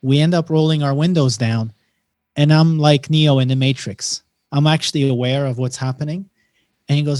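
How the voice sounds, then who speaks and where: A man's voice: on the high side, a little fast, no echo. A man chatting as a podcast guest, telling stories with emphasis and acting out bits of dialogue. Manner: animated storyteller who acts out dialogue and often says "man". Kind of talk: casual conversation.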